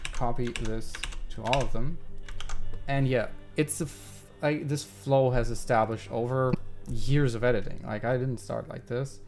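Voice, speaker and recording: Brief: male live streamer, casual, thinks aloud with plenty of fillers, middle pitch. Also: vocal fry. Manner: thinks aloud while working, rambling with many fillers. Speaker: video essayist live-streaming his editing.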